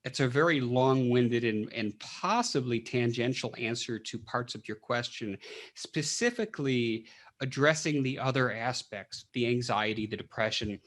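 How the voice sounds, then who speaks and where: A man's voice: medium pitch, animated, normal speed, fairly bright tone. A man who is a clinical psychologist, speaking as a podcast guest and explaining things with rhetorical questions and frequent restarts. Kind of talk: casual interview talk.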